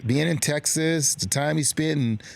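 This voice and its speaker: A man's voice: a little high, moderate pace, vocal fry, slight background noise. A man co-hosting a sports talk show, easygoing and restarting his sentences as he goes. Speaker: co-host. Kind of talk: casual chat.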